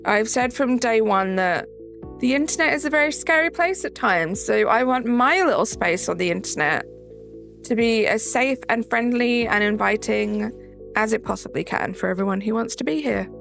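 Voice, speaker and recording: A woman's voice: fairly high pitch, normal speed, creaky, fairly bright tone, faint music behind. A woman with a Southern English accent, hosting a live stream in casual chat, greeting viewers by name and reading the chat aloud. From south of England.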